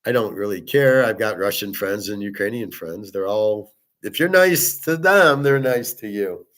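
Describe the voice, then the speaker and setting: A rather low-voiced man talks in a loose, rambling monologue. He is blunt and profane and wanders from one aside to the next, like a show host chatting off the cuff. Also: animated, measured pace, a bit bright. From United States. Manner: blunt, profane, digressive storytelling. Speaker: sports betting podcast host.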